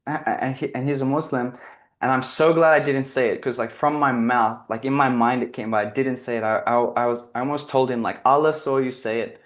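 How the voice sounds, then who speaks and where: A man's voice: medium pitch, steady tone, brisk. A man giving a casual, reflective spiritual talk, telling a personal story in an earnest, rambling way, often restarting his sentences and leaning on "like". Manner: earnest, rambling, self-correcting, heavy use of "like". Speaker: guest speaker on spiritual living.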